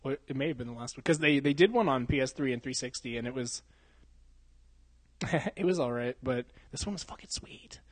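A man's voice: medium pitch, fairly quick, no room sound. A young man co-hosting a podcast, chatting casually, rambling, laughing often and swearing a lot. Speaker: podcast co-host. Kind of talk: casual chat.

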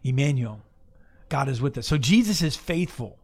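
A man's voice: medium pitch, lively intonation, moderate pace, darkish tone, slightly rough. A man preaching an off-the-cuff sermon, talking to listeners casually and asking them to look up verses. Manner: conversational, restarts, asks listeners to look up verses. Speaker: pastor.

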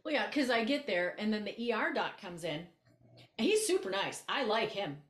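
Animated blunt woman telling a story. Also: medium pitch, moderate pace, roomy sound. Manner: animated, blunt, acts out quoted exchanges. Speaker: podcast co-host, coach. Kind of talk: casual storytelling chat.

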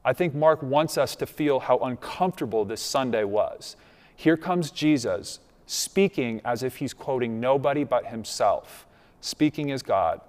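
In a church sanctuary heavy with long, large-hall reverb, a male pastor preaches in an animated, medium-pitched voice without hurrying. His style is conversational, and he keeps asking the congregation "right?"

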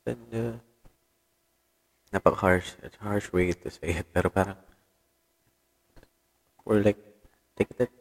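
A man's voice: sits low, in a large hall. A Filipino man with a Filipino accent hosting a casual solo podcast, rambling, switching languages and swearing often as he reads the news. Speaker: podcast host.

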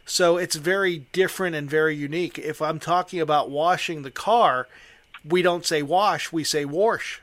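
Older pittsburgh-area guy hosting, kinda high voice, dry close sound, chatty. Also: moderate pace, a bit bright, no echo. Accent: Western Pennsylvania. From Western Pennsylvania. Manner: chatty, enthusiastic, explains at length. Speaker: host. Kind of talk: casual conversation.

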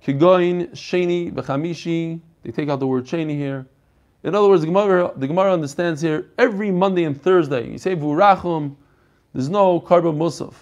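Man, Talmud teacher, lively, slightly high voice, video call mic. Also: fairly quick, muffled recording. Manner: animated, questioning the class. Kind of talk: online Talmud class. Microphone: computer mic on a video call.

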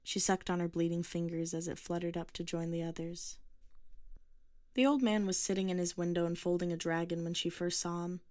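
A woman reading a short story aloud in a measured, even way. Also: lowish voice, dry recording, clean studio sound. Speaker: narrator. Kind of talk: scripted story narration.

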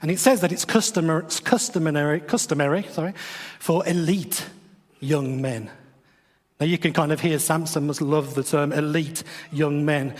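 A man's voice: a little high, moderate pace, in a large hall. A man, retelling a Bible story in a chatty, wry way with playful asides, as a podcast host. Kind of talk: casual devotional storytelling.

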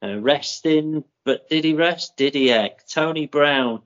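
A man co-hosting a running podcast, working through race results in a steady, methodical way with plenty of ums. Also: fairly high pitch. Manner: methodical, with many ums and drawn-out names. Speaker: podcast co-host. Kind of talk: casual chat, reading out running results. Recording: muffled lo-fi audio.

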